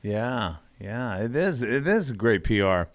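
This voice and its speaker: A male podcast host in a casual interview chat, easygoing and quick to react with exclamations. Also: on the low side, sing-song, no echo.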